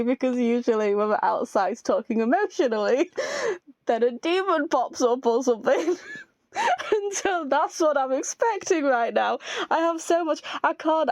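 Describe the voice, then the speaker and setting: A woman's voice: fairly high pitch, no echo. A young woman giving giggly, joking commentary while playing a story game on a close mic. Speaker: gamer. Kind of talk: let's play commentary.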